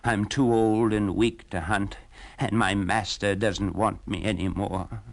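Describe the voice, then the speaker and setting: A man's voice: lowish voice, steady tone, unhurried, creaky. A man voicing a weary, out-of-breath old male hound dog in a storybook record.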